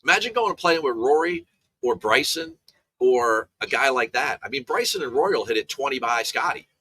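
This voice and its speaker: Golf betting guy, bright tense voice, rambly storyteller, keeps restarting. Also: medium pitch, lively intonation, a little fast, breathy edge, dry recording. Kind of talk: casual sports betting chat.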